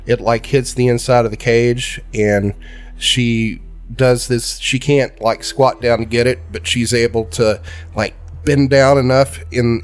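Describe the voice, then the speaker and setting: A man narrating as game master over quiet background music. His voice sits at an ordinary pitch and his telling is calm and measured, with occasional fillers.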